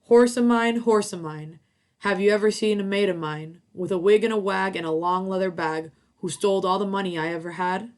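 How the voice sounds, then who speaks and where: A woman's voice: medium pitch, steady tone, fairly quick, close to an everyday voice. A woman voicing an old witch guarding her gold, with a sing-song chant.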